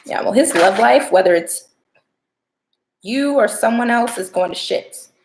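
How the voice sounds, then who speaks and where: A woman's voice: on the high side, expressive, a little slow, a little mellow, slight background noise. A young woman doing a casual, playful tarot reading on a livestream, chatting straight to her viewers. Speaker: tarot reader.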